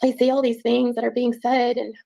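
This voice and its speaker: A woman giving an emotional personal account in an interview, halting and repeating words as she speaks. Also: on the high side, flat delivery, creaky, warm tone, low-quality recording.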